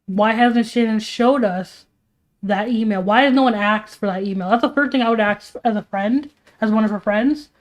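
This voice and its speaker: A woman's voice: on the high side, normal speed. Young woman streaming while drawing, tired and annoyed, rambly rhetorical questions. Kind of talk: casual commentary while drawing.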